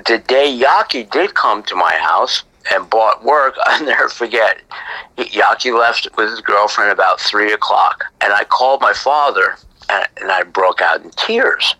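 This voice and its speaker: A middle-aged man, a graffiti artist, telling stories from his past in a chatty way that often sinks into a breathy whisper. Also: lowish voice, lively intonation, a little slow, bright, forceful tone, no echo, low-quality recording. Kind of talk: casual storytelling interview.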